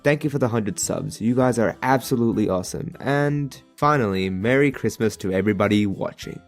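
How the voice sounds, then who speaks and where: A man from Australia with an Australian accent, telling a comedic animated story in voice-over with a sarcastic, casual, slang-filled manner. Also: fairly low pitch, fairly quick, soft background music.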